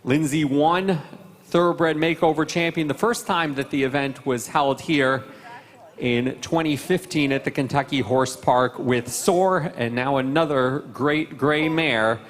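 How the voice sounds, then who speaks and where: A man's voice: on the high side, measured pace. A man announcing award winners at a live horse event, formal and ceremonial with light jokes. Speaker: arena announcer. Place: large covered horse arena. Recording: long echo of a large covered arena.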